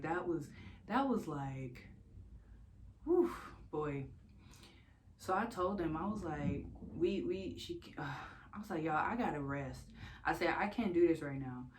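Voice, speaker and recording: A woman's voice: low voice, slight background noise. A young woman from the United States telling her own story in a casual, candid vlog, swearing freely and laughing often. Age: young adult.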